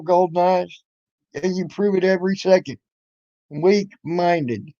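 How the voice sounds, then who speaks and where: A YouTube commentator with a high-sitting, mellow voice speaks slowly on a dry, dull lo-fi recording. He rants angrily at other people, confrontational and mocking, swearing freely.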